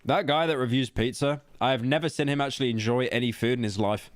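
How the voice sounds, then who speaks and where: A British man streaming, reacting to a video with rambling, animated casual commentary, full of tangents and stammered restarts. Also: mid-range voice, fast talker, no room sound, studio quality. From England.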